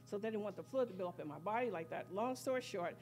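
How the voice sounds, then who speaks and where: A woman giving a spoken testimony at a church worship service, telling her story in a rambling, excited way full of quoted dialogue. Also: mid-range voice, fast. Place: church sanctuary.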